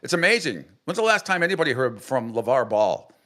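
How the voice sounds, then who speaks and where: A man hosting a sports radio show, talking casually and filling pauses. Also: medium pitch, sing-song, a bit bright. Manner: casual, agreeable, with filler pauses.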